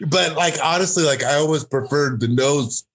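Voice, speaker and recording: A man's voice: fairly high pitch, moderate pace, fairly bright tone. A man chatting as a podcast guest, brash and rambling, swearing freely and filling his talk with "like" and "you know". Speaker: podcast guest, fight coach. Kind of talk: casual podcast chat.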